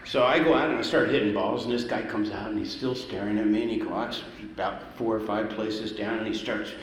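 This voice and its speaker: Musician guy from the valley in LA, middle-aged, lowish voice, telling an anecdote, echoey hall. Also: a little fast. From Los Angeles, the Valley. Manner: casual anecdotal, acts out quoted voices. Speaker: musician, guest. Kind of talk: storytelling interview. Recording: roomy hall, ambient noise.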